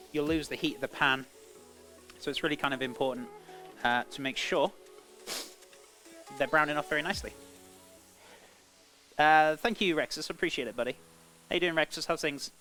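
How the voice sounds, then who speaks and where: A man's voice: a little high, sharp tone. A British man chatting casually on a cooking live stream, rambling between cooking tips and greeting viewers as "buddy". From Britain.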